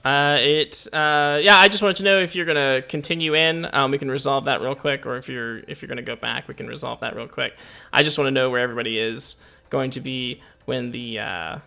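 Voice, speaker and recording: A man running a tabletop game as game master, narrating in a relaxed, hesitant way full of filler words. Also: mid-range voice, fairly quick, gravelly. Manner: relaxed, hesitant, lots of uhs and laughs.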